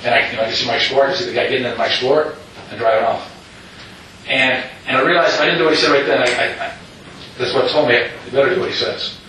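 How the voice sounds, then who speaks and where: A middle-aged man tells his own story to an audience in a rambling way, full of asides and restarts. His tone is bright and forceful. He is caught from a distance in a strongly echoing hall with a faint hiss underneath. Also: medium pitch, fairly even intonation, fast. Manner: rambling, with frequent "you know" asides and restarts. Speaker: speaker telling his story. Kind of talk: personal story told to an audience. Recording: echoey hall, distant mic.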